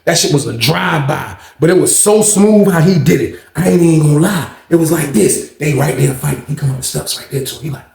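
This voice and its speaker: Storyteller: man, animated, gravelly voice, echoey room. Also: a little high, brisk, few pauses. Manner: animated, acts out quotes and punch sounds. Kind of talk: casual prison storytelling.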